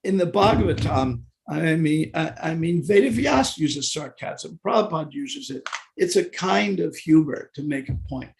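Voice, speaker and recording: An older man with a gravelly, fairly high voice gives a devotional scripture class. He talks genially and haltingly, with fillers and restarts. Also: expressive, slight background noise. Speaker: class speaker.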